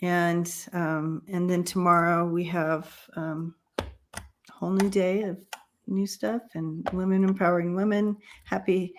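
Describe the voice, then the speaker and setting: A woman's voice: lowish voice, flat delivery, unhurried, noisy background. A woman hosting a casual livestream chat who rambles, with many fillers and restarts. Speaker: livestream host.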